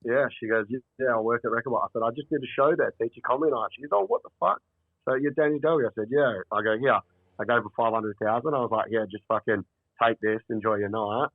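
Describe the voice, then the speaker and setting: A man's voice: fairly low pitch, fairly even intonation, fast, dry recording. Australian man telling stories over a tinny phone. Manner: rambling anecdotes with quoted dialogue. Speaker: comedian phoning in. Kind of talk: casual storytelling. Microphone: phone call.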